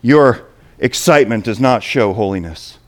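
Animated male preacher. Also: medium pitch, moderate pace. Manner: animated, swings between quiet asides and loud emphasis. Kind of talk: sermon.

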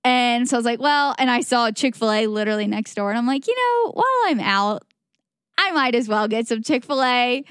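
A woman's voice: a little high, fast talker, hardly any pauses, a bit bright, clean tone, dry recording, studio quality. A woman co-hosting a podcast, chatting casually and telling stories, acting out her own thoughts as she goes. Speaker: podcast co-host. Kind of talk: casual chat, storytelling.

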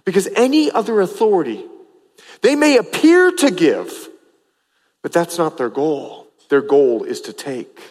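A man's voice: on the high side, big pitch swings, unhurried, a little mellow, in a large hall. A man preaching a sermon as pastor, emphatic and repetitive, stressing phrases over and over.

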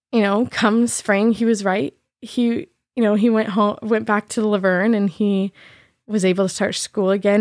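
A young adult woman hosting a podcast, candidly recounting a personal story in a reflective way, with soft laughs between thoughts. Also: medium pitch, no room sound, studio quality. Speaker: podcast host.

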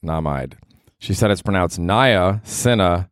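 A man's voice: deep voice, expressive, a little slow, clear, resonant tone, no room sound, studio quality. A man hosting his own podcast, talking in a rambling, profane, self-mocking comedic monologue. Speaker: podcast host.

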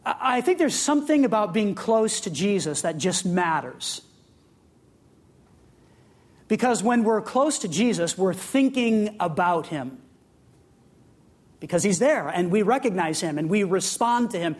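A preacher delivering a sermon in an easy, conversational way. The voice sits at an ordinary middle pitch, moving between scripture reading and light asides. Questions are put straight to the listeners. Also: lively intonation, a little slow, long pauses. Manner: conversational, with humorous asides and laughs; asks the audience direct questions.

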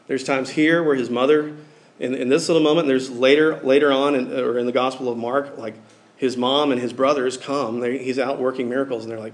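Man, preacher, casual sermon, informal, chatty, mid-pitched voice. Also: fairly even intonation, a little fast. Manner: informal, filler-heavy, conversational.

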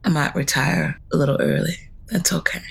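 A woman's voice: sits low, steady tone, a little fast, gravelly, fairly bright tone, slightly rough. A woman playing a character in a tabletop role-play game. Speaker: player.

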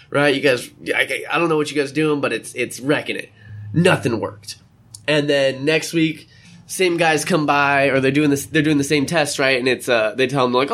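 A young man talking casually to his viewers from an indoor room, rambling from one thought to the next. His voice sits at a middling pitch, and he jumps into playful voices for the people he quotes. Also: steady tone, a little fast, a bit bright. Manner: rambling, chatty, acts out quotes. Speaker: vlogger. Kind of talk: casual chat.

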